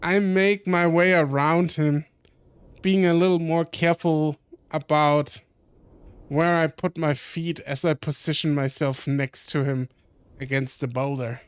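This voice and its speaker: A young man streaming, reading a visual novel aloud with commentary, slowly and often correcting himself. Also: on the high side, flat delivery, clean tone, dry recording. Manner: slow reading with frequent self-corrections.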